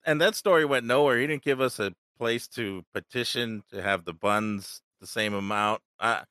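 A man's voice: mid-range voice, moderate pace, sharp tone, a little hiss or hum. A man hosting a podcast, chatting casually and upbeat about radio clips. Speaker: podcast host.

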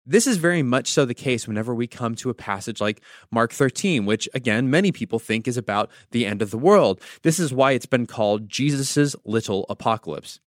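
A man's voice: mid-range voice, expressive, fairly quick, few pauses, no echo, clean studio sound. A man from the United States, a pastor hosting a devotional podcast, teaching through conversational storytelling with wry asides.

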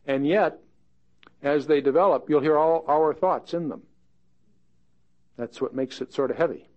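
A man's voice: a little high, measured pace. A man teaching a conversational Bible study in a folksy, plain-spoken way with wry asides. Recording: dull lo-fi podcast recording.

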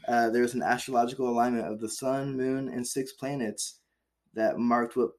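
A man's voice: medium pitch, flat delivery, normal speed. A man co-hosting a podcast, reading out historical dates and then riffing on them in loose, profane banter. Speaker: podcast co-host. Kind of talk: casual chat.

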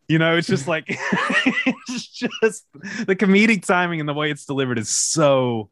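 Middle-aged male podcast co-host, animated storyteller, very expressive pitch. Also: moderate pace, no room sound. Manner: animated storytelling, acts out dialogue. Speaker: podcast co-host, youth soccer coach. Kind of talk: casual podcast chat.

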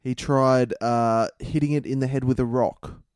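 A man co-hosting a podcast in casual chat, deadpan and swearing often as he retells a story. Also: medium pitch, normal speed, clean tone, no echo, studio quality. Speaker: podcast co-host.

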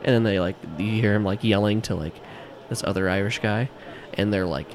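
A man with a lowish voice runs a tabletop horror game, describing scenes in a loose, rambling way, often pausing and restarting mid-thought. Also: slight background noise. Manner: rambling, halting, many fillers. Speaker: game master.

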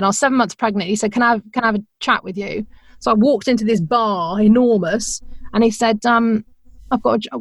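Chatty woman, bright storyteller. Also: fairly high pitch, dry recording, clean studio sound. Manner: chatty and animated, laughs often, acts out quoted voices. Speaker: podcast guest, radio presenter. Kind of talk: conversational storytelling.

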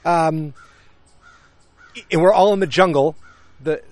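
A man's voice: on the high side, takes it slowly, a little mellow, dry recording. A man casually recapping a TV episode, blunt and chatty, recorded on a handheld recorder outdoors beside woods. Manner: blunt, chatty, many fillers and restarts. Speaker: podcast host recapping a TV episode. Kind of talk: casual chat. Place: outdoors beside woods near his house.

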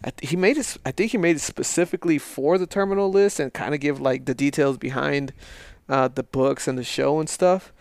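A man co-hosting a podcast, talking loosely and peppering his chat with swearing and laughter. His voice is gravelly yet smooth at a middle pitch. The sound is dry and close. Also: fairly quick, dry recording. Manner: loose and profane, laughing often. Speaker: podcast co-host. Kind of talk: casual chat.

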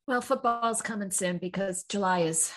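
A woman's voice: mid-range voice, normal speed. A woman co-hosting a podcast, trading teasing, wry banter in casual chat. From American. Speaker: podcast co-host.

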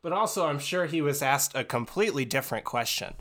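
Guy on a sports podcast, bright tense voice, hedges a lot then jokes around. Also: mid-range voice, expressive, fairly quick, hardly any pauses. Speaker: co-host. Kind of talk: casual sports chat.

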